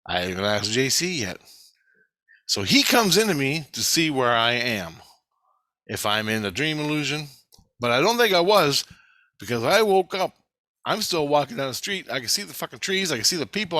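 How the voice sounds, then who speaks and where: A man tells a long dream story in a rambling, excitable way, swearing freely and repeating phrases as he goes. His voice has a bright, forceful edge at a middling pitch. The recording is dry and close, with no room sound around him. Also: fairly quick, no room sound. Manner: excitable, profane, repetitive storytelling. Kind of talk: rambling first-person dream account.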